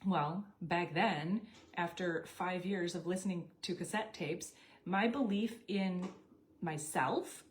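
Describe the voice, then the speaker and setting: In a lowish, slow voice, a middle-aged woman who tells network marketing stories relates something from her own life. She keeps it casual but animated, voicing the quoted dialogue herself.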